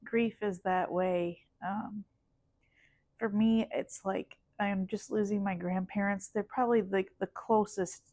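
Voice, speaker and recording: A young woman hosting a podcast, chatting casually and supportively, with quick murmured replies to her guest. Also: medium pitch, steady tone, darkish tone, dry recording. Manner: supportive listener, quick back-channel replies. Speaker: podcast host. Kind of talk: casual conversation.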